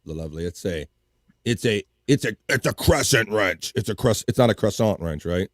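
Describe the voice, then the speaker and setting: A man's voice: fairly low pitch, animated, moderate pace, dry recording, clean studio sound. A man with a Baltimore accent hosting a live stream in casual chat, laughing often and swearing freely.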